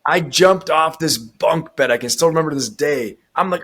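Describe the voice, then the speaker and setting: Animated, laughing storyteller man. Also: a little high, moderate pace. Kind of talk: casual chat.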